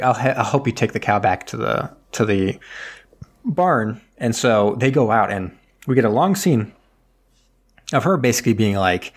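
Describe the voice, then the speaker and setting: A man in casual chat, rambling through a movie plot and acting out the characters' lines. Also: mid-range voice. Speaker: podcast co-host.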